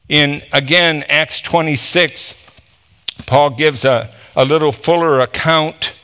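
Bright-voiced man preaching a sermon. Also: fairly high pitch, steady tone, slow pace, smooth. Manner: expository, reading scripture aloud with emphatic asides.

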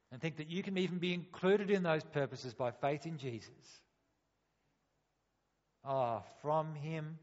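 A man preaching a sermon, asking rhetorical questions and acting out quotes. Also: on the high side. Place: church hall. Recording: dull sound, long hall reverb.

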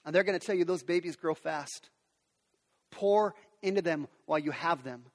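A man with a notably high voice preaches to parents, speaking earnestly and conversationally. His words ring out with a long hall reverb, as if heard in a large sanctuary. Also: normal speed. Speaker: pastor. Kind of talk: sermon.

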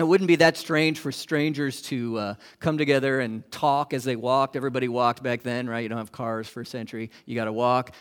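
In a mid-range voice, the pastor preaches and questions his congregation. Some lines land loud and emphatic, while others drop to a hush.

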